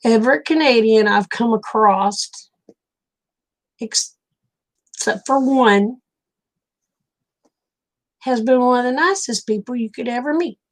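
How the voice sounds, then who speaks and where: Her voice is on the high side, and she speaks at a measured pace with frequent pauses. A livestream host from Oklahoma, USA, she chats casually with viewers in an Oklahoma accent, laughing often as she tells folksy stories.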